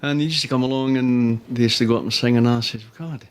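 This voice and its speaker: Older scottish guy cracking dry jokes on a radio show, mid pitch. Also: steady tone, quick pace, clean tone. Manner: joking, dry banter. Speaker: guest comedian. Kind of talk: casual radio interview.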